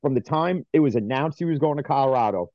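A man's voice: medium pitch, expressive, fast talker, darkish tone, dry recording. A man co-hosting a sports podcast, talking casually and ranting heatedly with swearing. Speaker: podcast co-host. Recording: dry, dull lo-fi mic.

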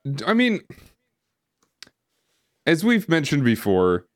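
A man's voice: a little high, wildly swooping pitch, slow pace. A man co-hosting a casual podcast, rambling with lots of fillers and restarts. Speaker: podcast co-host. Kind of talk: casual chat. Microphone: streaming setup microphone.

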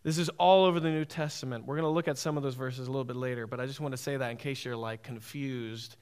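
A man's voice: medium pitch, fairly even intonation, fast talker, darkish tone, clean tone. A man preaching a sermon, emphatic and repetitive, often asking "right?".

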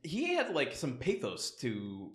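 A podcast co-host chats casually, rambling through a story and laughing often. His medium-pitched voice swoops wildly in pitch, he speaks slowly, and the room is echoey.

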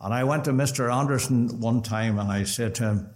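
A man's voice: mid-range voice, a little fast. A man with a Northern Irish accent giving his personal testimony at a gospel meeting in a conversational storytelling way. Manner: conversational storytelling with lively rises. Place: gospel hall.

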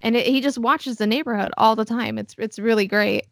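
A woman chatting casually on a podcast, relaxed and a little hesitant, with casual swearing. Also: fairly high pitch, brisk, dry recording, studio quality. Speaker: podcast guest. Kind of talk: casual chat.

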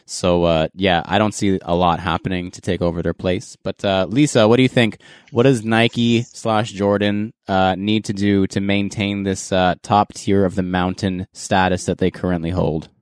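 A man's voice: low voice, moderate pace, clear, resonant tone, no echo, clean studio sound. A man hosting a casual podcast, moving the talk along and reviewing sneakers in an easygoing way. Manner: relaxed, hosting and giving sneaker reviews with laughs. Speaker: podcast host.

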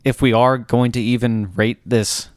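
A man's voice: mid-range voice, steady tone, unhurried, no room sound, studio quality. A man co-hosting a casual music chat, laid-back and hesitant as he searches for words. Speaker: podcast co-host.

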